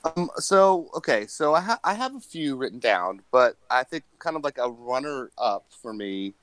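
Male podcast guest: rambling, giggly, animated, close and dry. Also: medium pitch, normal speed, dry recording, rough recording. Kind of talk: casual chat about a horror film.

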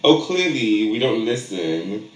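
A man's voice: fairly low pitch, big pitch swings, distant mic, slight background noise. Teasing New York man in an echoey room. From New York City. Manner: teasing, rapid-fire questions, laughing often. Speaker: podcast host. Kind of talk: casual chat. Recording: echoey room, mic set back.

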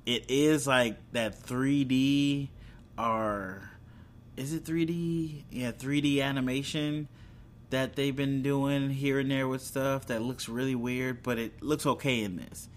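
A young man chats casually to his audience about what's coming out, drifting between thoughts with fillers and false starts. His voice sits at an ordinary middle pitch. A faint low rumble hums behind him. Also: fairly even intonation, slow. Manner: rambling, chatty, hesitant with fillers and restarts. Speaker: video host. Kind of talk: casual entertainment news chat.

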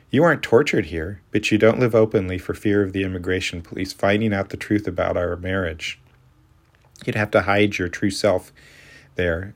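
A weary, blunt woman in her thirties, voiced by a man reading an audiobook pushes her words out with exasperated force. The voice stays deep and a little raised. It is steady storybook reading rather than full character acting. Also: lightly acted. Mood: bitter.

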